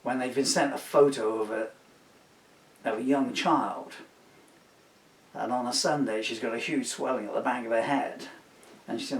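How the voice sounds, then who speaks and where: A man's voice: mid-range voice, steady tone, normal speed, long pauses, slight background noise. A man in his sixties, a singer-songwriter, talking casually between songs, rambling and indignant, with many asides. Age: 60s. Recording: roomy, distant home recording.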